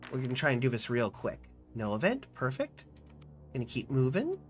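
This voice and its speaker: Lively game streamer reading aloud. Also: medium pitch, soft background music. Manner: reads narration dramatically, then chats quickly about choices. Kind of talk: reading game text aloud with casual commentary.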